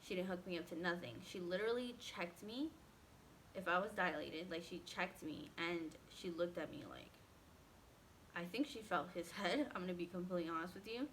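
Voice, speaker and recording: Animated woman telling a story. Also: fairly low pitch, normal speed, a little hiss or hum. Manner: animated, acts out quotes, many "like" fillers. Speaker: vlogger. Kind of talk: casual storytime.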